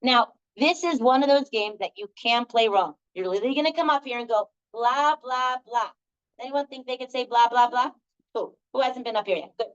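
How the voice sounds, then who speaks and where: A woman's voice: on the high side, fairly quick. A middle-aged woman leading a live group workshop, telling stories in a chatty way with many fillers. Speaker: workshop leader. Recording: dull lo-fi recording.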